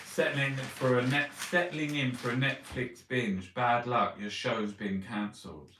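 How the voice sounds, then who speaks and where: A man's voice: medium pitch, steady tone, unhurried, few pauses, recorded from a distance, background noise. A man reading newspaper headlines aloud and ranting about them in a sweary, mocking way. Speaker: vlogger reviewing newspapers. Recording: roomy echo, voice set back from the mic.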